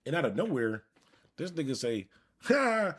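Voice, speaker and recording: A fast-talking Buffalo, New York man with a slightly rough, higher-pitched voice hosts a live stream. He tells an animated, rambling story from his own life, swearing freely and talking directly to the people watching.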